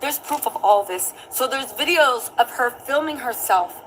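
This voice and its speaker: High-voiced woman, animated commentary. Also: unhurried, slight background noise, low-quality recording. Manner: animated, acts out quoted lines in high voices. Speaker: news show host. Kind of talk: casual commentary with livestream shout-outs.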